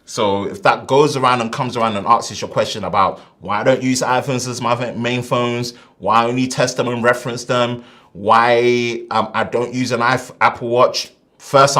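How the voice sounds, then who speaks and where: A man hosting a casual tech live stream, animated and slangy, swinging between loud bursts and quiet asides. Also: medium pitch.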